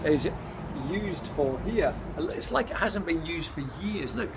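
A man's voice: fairly high pitch, lively intonation, a little slow, gravelly, noisy background. A middle-aged man, chatting cheerfully and jokily to viewers in a casual vlog, recorded on a camera microphone. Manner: chatty, cheerful, jokey, addresses viewers as mates. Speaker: vlogger.

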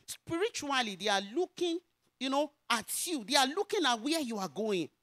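A woman's voice: sits high, very animated, moderate pace, a bit bright, dry recording, studio quality. A woman pastor with a Nigerian Yoruba accent, telling a personal testimony in a sermon and rising into emphatic preaching.

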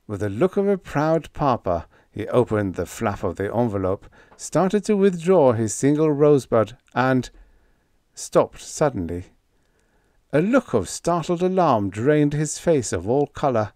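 A man narrating a humorous vintage sci-fi story in the first person. His delivery is animated, with plenty of rise and fall in pitch. The recording is close and dry, made on a studio mic. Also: unhurried, no room sound. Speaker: audiobook narrator.

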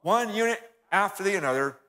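A folksy man delivering a history talk from the front of a church, fairly high-voiced and bright. He keeps turning to his audience and calling them folks. A long reverb from the church hall hangs behind his voice. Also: animated, a little fast. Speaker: guest speaker.

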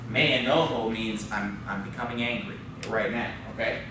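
A medium-pitched man speaking at normal speed leads a Spanish class in a church classroom, patiently explaining and quizzing students with a frequent "okay?". The recording is distant and very echoey, with background noise.

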